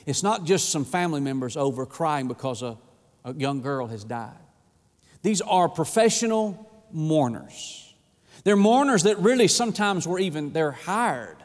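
High-voiced preacher man in a reverberant hall. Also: animated, unhurried. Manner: dynamic preaching with sudden drops to a low hush. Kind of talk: sermon. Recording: echoey with long reverb.

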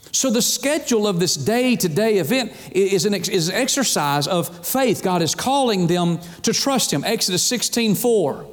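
A man preaching a sermon as pastor, emphatic, stretching key words slowly and dropping low at the ends of phrases, calling out to the congregation. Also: lively intonation. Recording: long hall reverb.

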